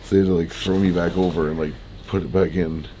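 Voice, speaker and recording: Deep-voiced laid-back guy. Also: fairly even intonation, quick pace, background noise. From Canada. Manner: laid-back, laughing often, swearing, rambling with many likes. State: groggy after surgery. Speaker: fitness vlogger. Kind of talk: casual storytelling. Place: hospital room.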